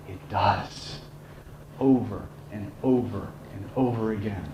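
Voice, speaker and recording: A man teaching a live seminar, telling stories and acting out the people in them. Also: medium pitch. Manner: animated, acts out shouting characters in stories. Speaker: seminar trainer. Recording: echoey room with faint noise.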